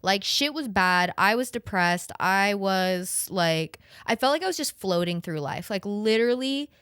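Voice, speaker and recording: A woman's voice: mid-range voice, lively intonation, measured pace, a bit bright, clean tone, dry recording, studio quality. A young adult woman hosting a podcast, rambling and chatty with lots of "like" and casual swearing. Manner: chatty, profane and rambling, full of "like". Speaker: podcast host. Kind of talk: casual chat.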